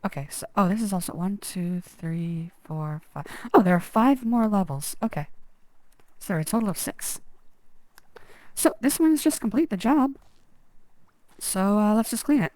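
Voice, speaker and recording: A woman's voice: mid-range voice, lively intonation, moderate pace, a little mellow, no room sound, low-quality recording. Chatty woman streaming a game. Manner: chatty, self-deprecating, rambling. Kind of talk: casual gameplay commentary.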